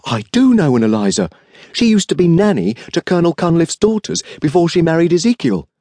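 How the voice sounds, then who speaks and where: A man's voice: fairly high pitch, big pitch swings, brisk, mellow, dry recording, clean studio sound, pitched above the performer's own voice. A man voicing a refined, eager young dandy. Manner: polite, refined, eager, deferential. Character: young dandyish male art-shop assistant, eager and refined. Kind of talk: audiobook character reading.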